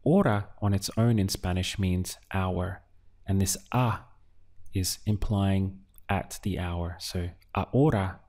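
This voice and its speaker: A man teaching a beginner language lesson, drilling words syllable by syllable with patient pauses. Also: low-pitched, a little mellow. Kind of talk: slow, deliberate language lesson.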